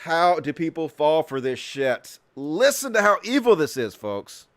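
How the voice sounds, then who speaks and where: A male host giving profane, sarcastic political commentary, swinging between mutters and yells. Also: a little high, big pitch swings, a little slow.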